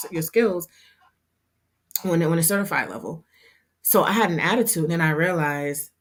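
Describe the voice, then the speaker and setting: Chatty woman, lower voice. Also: husky. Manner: chatty, heartfelt, expressive. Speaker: host and hair program instructor. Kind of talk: casual livestream talk.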